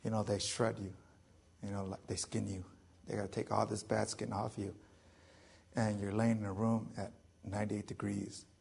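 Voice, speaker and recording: A man in his forties with a deeply gravelly, rough-edged voice tells his own story to a crowd. He sits a little low in pitch and speaks loosely, cracking jokes and leaning on fillers between thoughts. The delivery feels like candid storytelling rather than a prepared speech. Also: little pitch movement, normal speed, a little mellow. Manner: joking, loose, heavy with fillers. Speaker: veteran speaker. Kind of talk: storytelling talk to an audience.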